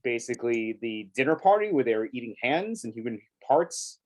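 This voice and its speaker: A man's voice: medium pitch, big pitch swings, brisk. A man co-hosting a casual TV review chat, talking in an emphatic, chatty way and laughing often. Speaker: co-host of a TV review show.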